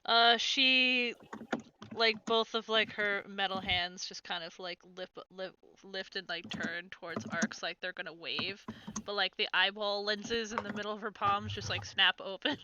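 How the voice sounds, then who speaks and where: A tabletop game player describing their character in a casual, loose way, with "like" scattered through their speech. The tone is very bright. The recording is dull and lo-fi, with a faint hiss underneath. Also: medium pitch, steady tone, a little slow. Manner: casual, lots of "like".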